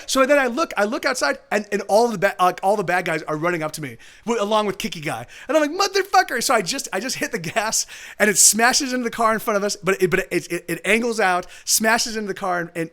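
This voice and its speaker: A man with a high voice tells a long story on a live stream in casual chat. He rattles along quickly, swearing freely and stopping often to correct himself. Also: a bit bright. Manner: rambling, profane, full of self-corrections.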